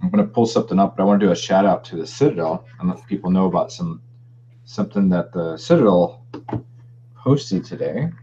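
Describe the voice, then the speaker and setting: Low mellow man on a dull stream. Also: a little fast, a little hiss or hum. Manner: chatty, rambling with fillers. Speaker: podcast co-host. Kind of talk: casual live-stream chat.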